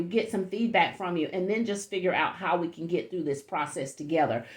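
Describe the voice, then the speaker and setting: A woman's voice: lowish voice, roomy sound. A woman coaching a group of parents, straight to the point and encouraging. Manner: straight to the point, encouraging, leads call-and-response icebreaker. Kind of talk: workshop talk to parents.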